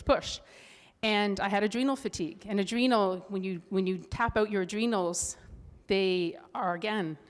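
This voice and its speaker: Middle-aged woman telling her story in a reverberant hall. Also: medium pitch. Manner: candid, earnest storytelling with frequent restarts. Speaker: holistic nutrition coach and speaker. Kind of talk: personal-story presentation talk.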